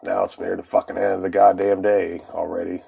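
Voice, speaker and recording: A man's voice: low-pitched, flat delivery, a little fast, creaky, warm tone, husky. A man telling a rambling, profane personal story in a casual way, often laughing between lines.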